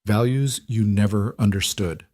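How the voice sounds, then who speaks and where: A man voicing a calm, firm frontier schoolteacher woman. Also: low voice, measured pace, dry recording, clean studio sound.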